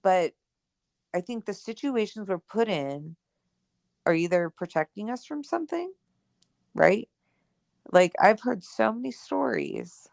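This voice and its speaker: Young woman chatting on a podcast, kinda gravelly, lots of "like", acts out the quotes. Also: medium pitch, a little slow, pauses often, no echo, studio quality. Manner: animated, acts out quoted dialogue, many "like" and "right?". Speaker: podcast co-host. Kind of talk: casual storytelling chat.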